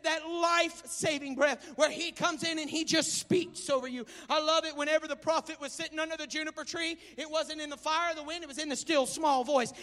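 High-voiced preaching man in a reverberant hall. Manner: swings from quiet reading to shouted preaching. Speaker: pastor. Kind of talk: sermon. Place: church sanctuary.

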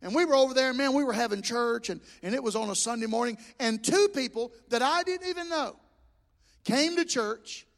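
A man preaching a fervent sermon, swelling loud and restarting his words as he goes. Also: extremely high pitch, a little fast. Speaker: pastor. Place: church sanctuary. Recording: long echoing reverb of a church hall.

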